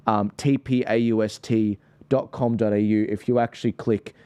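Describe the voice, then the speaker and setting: A man's voice: on the low side, fairly even intonation, moderate pace, mellow, clean tone, no room sound. An Australian man hosting a livestream, chatting casually in an upbeat, promotional way. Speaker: livestream host.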